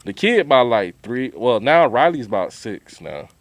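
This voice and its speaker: A man co-hosting a podcast, telling a story in animated, slangy casual talk and acting out quotes. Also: medium pitch, moderate pace, dry recording. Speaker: podcast co-host.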